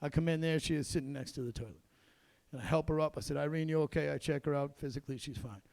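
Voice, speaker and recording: A middle-aged man doing a stand-up comedy set in a comedy club, telling gruff, self-deprecating stories with quick asides. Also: fairly high pitch, a little mellow, no echo.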